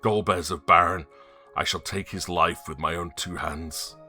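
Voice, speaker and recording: A man voicing a furious old male sage and grieving father, loud and commanding, as he reads game dialogue aloud. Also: deep voice, steady tone, unhurried, faint music behind, full character voice.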